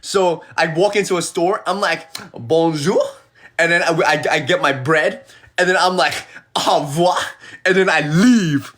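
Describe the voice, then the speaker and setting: A man chatting casually on a phone live stream as an animated storyteller who acts out the people he quotes. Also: on the high side, normal speed. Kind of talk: casual livestream chat.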